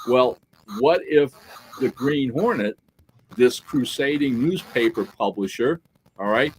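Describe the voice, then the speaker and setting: Male podcast co-host, mid-range voice, animated storyteller, casual chat. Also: medium pitch, slow, slight background noise, rough recording. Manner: animated storyteller who acts out quoted dialogue; peppers talk with "right?" and "all right?".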